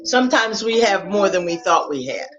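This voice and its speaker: A middle-aged woman hosting a live online flash sale, chatting with viewers in an animated, familiar way. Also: mid-range voice, normal speed, muffled recording, soft background music. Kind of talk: live sales chat.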